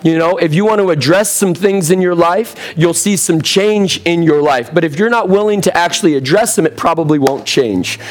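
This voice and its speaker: A young man preaching a sermon as pastor, a little hoarse, telling funny stories with lively asides. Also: on the high side, moderate pace, few pauses. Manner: humorous, storytelling, lively asides.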